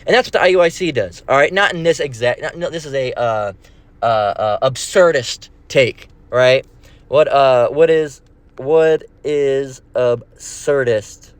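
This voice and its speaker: A man's voice: mid-range voice, measured pace, clear, resonant tone, no echo. A man giving a rambling, profane screen-share lesson, repeating himself as he goes.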